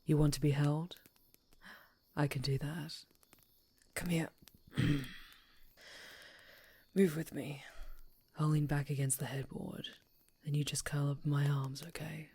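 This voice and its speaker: A woman voicing a powerful, possessive female orc warrior in a whispered role-play, murmuring and often breathy. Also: low voice, little pitch movement, a little slow, long pauses, warm tone, heavily acted. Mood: worried, soothing. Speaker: ASMR storyteller.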